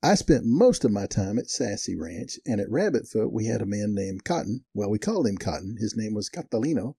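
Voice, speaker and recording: An older man tells a ranch story in a folksy, chuckling way. His voice is low, very dark and a little husky. The recording is close and dry, with no room sound. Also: brisk, no room sound. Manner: folksy, chuckling, animated in quoted dialogue. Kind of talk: casual storytelling.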